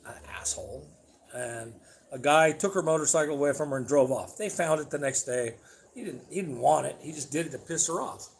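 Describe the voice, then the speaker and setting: Blunt, rambling man on a livestream. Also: fairly high pitch. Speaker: livestream host. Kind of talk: casual livestream chat. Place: at home.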